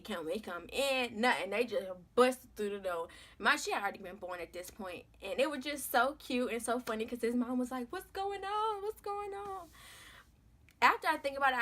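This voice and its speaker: A woman's voice: mid-range voice, pushed and bright. A young woman, telling her own story to camera in a candid, emphatic, conversational way. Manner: emphatic, conversational, slangy, repeats phrases for stress. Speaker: vlogger, mother sharing her birth story.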